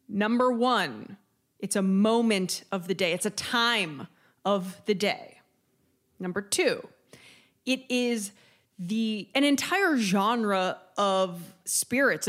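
A woman co-hosting a podcast in casual chat, chatty and giggly, explaining things with enthusiasm. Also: medium pitch. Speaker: podcast co-host. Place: lives in Italy.

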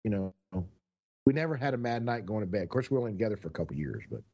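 A man's voice: on the low side, big pitch swings, rapid-fire, warm tone. A middle-aged man in casual chat, telling wry, candid stories about past relationships. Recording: dull lo-fi recording.

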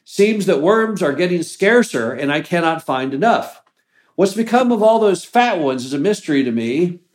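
A man reading aloud as a lazy young rooster who grumbles about hunger, in a slightly raised, drawn-out storytelling voice. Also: sits high, animated, echoey room, pitched above the performer's own voice. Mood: grumbling.

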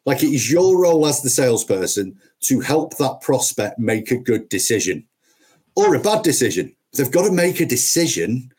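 A man's voice: medium pitch, sing-song, moderate pace, a little mellow, slightly rough. A middle-aged man, a podcast guest who trains salespeople, telling stories in an emphatic, punchy way full of repetitions. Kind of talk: conversational storytelling.

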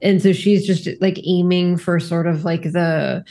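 A woman's voice: lowish voice, fairly even intonation, measured pace, warm tone. A woman playing in a tabletop game, rambling through her plans with frequent giggles. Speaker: player.

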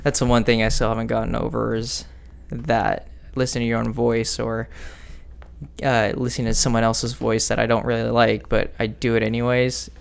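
A man chatting as a podcast guest, rambling candidly and restarting his sentences. His mid-pitched voice is gravelly yet resonant. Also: monotone, normal speed. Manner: rambling, self-correcting, candid. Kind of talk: casual chat.

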